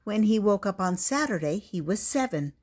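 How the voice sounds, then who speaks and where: An older woman reading a children's picture book aloud, gentle and deliberate, with little asides to the listener. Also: medium pitch, animated. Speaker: storyteller.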